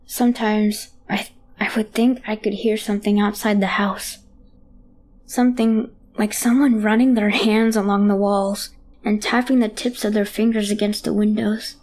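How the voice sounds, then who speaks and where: A woman's voice: mid-range voice, level tone, moderate pace, darkish tone, a little hiss or hum. A woman reading a horror story aloud in a child's hesitant first-person voice. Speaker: narrator. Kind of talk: scripted horror narration.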